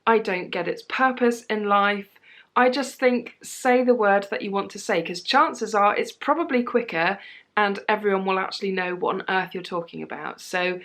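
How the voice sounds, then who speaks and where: A young British woman with a British accent talks to her viewers in a relaxed, chatty vlog. She sounds animated and laughs easily between her answers. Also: medium pitch, moderate pace. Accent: British English. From Britain. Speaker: vlogger. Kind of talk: casual chatty tag video.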